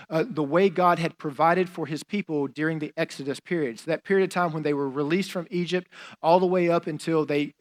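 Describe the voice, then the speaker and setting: A man preaching a sermon as a pastor, in a conversational style with fillers and casual asides. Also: on the high side.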